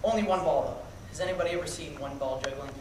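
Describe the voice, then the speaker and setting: A man's voice: fairly high pitch, fast talker. A man doing a jokey, playful magic show for a young audience at a camp, talking to the kids and calling up volunteers. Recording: echoey hall, distant mic, loud crowd and noise.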